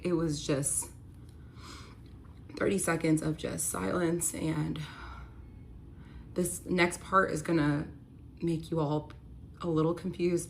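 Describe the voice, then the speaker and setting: A woman's voice: low voice, creaky, slight background noise. A young woman telling a personal story to her viewers. She speaks candidly, with lots of likes and ums, and her voice rises and strains when she relives the fight.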